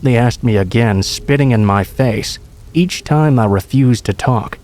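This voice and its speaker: A man tells a true horror story in scripted narration. His voice is mellow and dark, sitting at a middle pitch, and his delivery stays calm and steady throughout. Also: a little slow.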